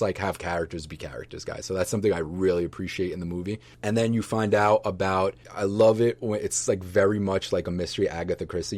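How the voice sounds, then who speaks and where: Very deep-voiced man rambling casually. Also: darkish tone, dry recording. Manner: rambling, loose, full of fillers and restarts; enthusiastic, affectionate toward viewers. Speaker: vlogger reviewing books and movies.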